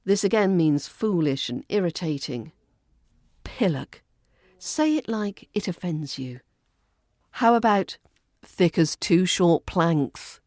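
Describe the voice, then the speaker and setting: A woman's voice: on the low side, big pitch swings, slow pace, a little mellow, dry recording, clean studio sound. A woman with a British RP accent teaching pronunciation, playfully demonstrating phrases with exaggerated intonation. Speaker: accent coach. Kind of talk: scripted pronunciation lesson.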